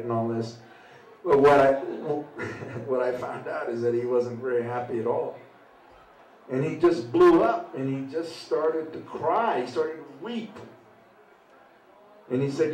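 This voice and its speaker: A man's voice: on the high side, darkish tone. Older man telling a war story at an open mic. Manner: conversational, halting, with frequent "you know" tags. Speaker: veteran speaker. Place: open mic at a small venue. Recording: roomy sound from a distant mic.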